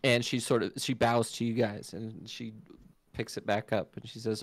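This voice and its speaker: A man narrating as game master of a tabletop game, telling the story in an animated way and voicing sound effects aloud. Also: on the low side, normal speed, no echo.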